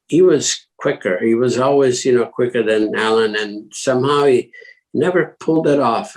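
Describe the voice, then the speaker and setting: A man's voice: mid-range voice, low-quality recording. An older man from Italy, a former racing driver as interview guest, telling stories in a rambling way with many fillers and restarts. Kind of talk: casual interview talk.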